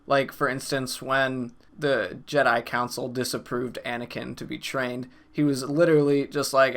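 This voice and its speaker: Creaky-voiced young man, laid-back. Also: mid-range voice, flat delivery, moderate pace, few pauses, fairly bright tone. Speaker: co-host of a movie review show. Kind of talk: casual movie discussion.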